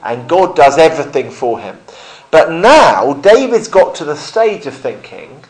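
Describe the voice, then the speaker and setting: A middle-aged man leading an informal Bible study, chatty, often correcting himself and growing animated in places. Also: fairly high pitch, unhurried, low-quality recording.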